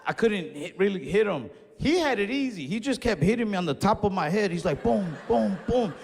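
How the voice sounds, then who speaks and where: A man's voice: sits high, brisk, a little hiss or hum. A man telling a stand-up story on stage, acting out the people in it and laughing as he goes. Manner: animated, acts out other people in dialogue, laughs mid-story. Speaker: stand-up comedian. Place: comedy stage in a hall. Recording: live hall reverb, faint ambience.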